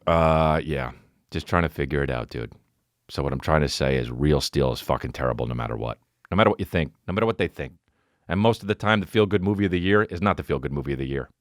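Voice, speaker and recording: A man's voice: a bass voice, quick pace, dry recording, studio quality. A man in his forties hosting a solo comedy podcast, rambling and cursing as he tells stories. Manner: profane, rambling, animated storytelling. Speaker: podcast host.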